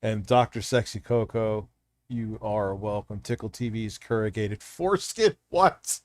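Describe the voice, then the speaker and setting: A man's voice: fairly low pitch, measured pace, a little mellow, no room sound. A man hosting a live stream, chatting casually and rambling with heavy profanity as he talks straight to his chat.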